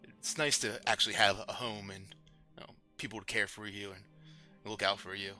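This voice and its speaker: A man's voice: fairly low pitch, level tone, moderate pace, bright, forceful tone, faint music behind. A man voicing a grateful, brash young male dragon in a tabletop game, casual and eager. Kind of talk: in-character tabletop role-play.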